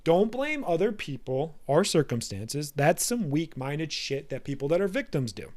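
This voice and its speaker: A man in his thirties hosting a podcast, giving a blunt, profane and forceful motivational monologue. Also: on the high side, very animated, normal speed. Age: 30s. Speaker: podcast host.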